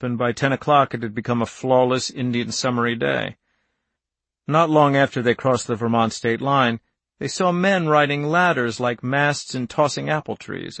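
A man reading a novel aloud as an audiobook narrator, in steady, measured storytelling. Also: medium pitch, gravelly, no room sound.

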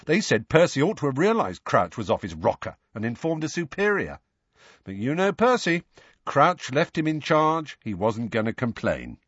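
A man's voice: mid-range voice, big pitch swings, moderate pace, fairly bright tone, slightly rough, dry recording, highs cut off, pitched above the performer's own voice. A man voicing a chatty teenage boy, a confiding twin, in an audiobook. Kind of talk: audiobook character voice.

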